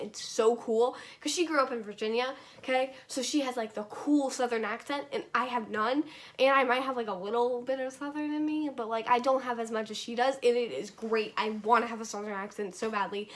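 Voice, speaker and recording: A woman's voice: on the high side, fairly quick. A young woman from North Carolina talking casually to the camera in a rambling, filler-heavy vlog. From North Carolina, USA. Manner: chatty, rambling, filler-heavy with frequent likes and okays. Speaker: vlogger.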